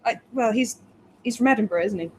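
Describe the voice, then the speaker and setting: A slightly tipsy woman reads a plot summary aloud to her co-host, breaking off for giggly, wry little asides. Her voice sits a touch high for a woman, with a faint hiss under it. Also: a little fast. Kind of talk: casual chat, reading a plot summary aloud.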